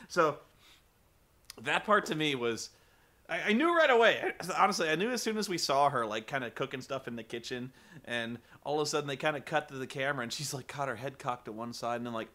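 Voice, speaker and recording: A man vlogging a casual, profane rant about a film, rambling and animated with lots of swearing. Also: medium pitch, brisk.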